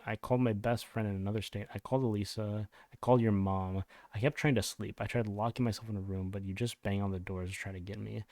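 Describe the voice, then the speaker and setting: Male commentary YouTuber, lowish voice, dry close sound, reads text aloud and cuts in with blunt swearing asides. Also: a little mellow, no room sound. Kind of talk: reading a written statement aloud with reactions.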